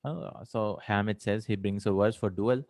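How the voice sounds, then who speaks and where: A man's voice: on the low side, moderate pace, a little mellow, no echo, clean studio sound. A man teaching an Arabic grammar lesson, explaining terms step by step and often checking with "right?".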